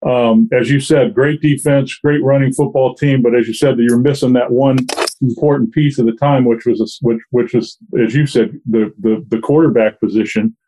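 Mellow-voiced male interviewer. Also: medium pitch, steady tone, poor audio. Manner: halting, many fillers and restarts. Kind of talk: interview questions.

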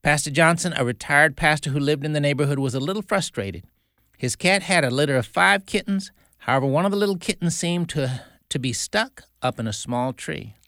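A man's voice: fairly high pitch, brisk, pushed and bright, no echo, studio quality. Earnest folksy male radio storyteller. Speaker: radio show host. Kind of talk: storytelling on a Christian radio show.

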